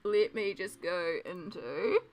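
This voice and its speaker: A woman's voice: lowish voice, slow pace, faint music behind. A woman streamer chatting casually with her viewers while colouring, giggly and self-deprecating. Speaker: art streamer.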